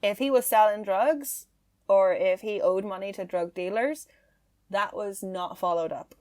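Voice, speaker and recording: A woman's voice: mid-range voice, a little slow, a little mellow. Chatty woman hosting a podcast. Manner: chatty, laughs easily, filler-heavy. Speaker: podcast host. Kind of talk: casual true-crime podcast chat.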